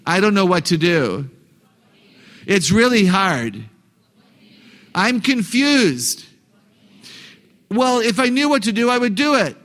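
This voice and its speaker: A man's voice: big pitch swings, slow pace, pauses often, fairly bright tone, full character voice. A man playing a whiny little kid. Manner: whining, stalling, high and pleading. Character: whiny young child dodging homework.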